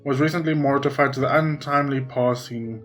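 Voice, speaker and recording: A man's voice: medium pitch, steady tone, a little fast, fairly bright tone, faint music behind, close to an everyday voice. A man voicing a cold, bureaucratic automated office system making announcements.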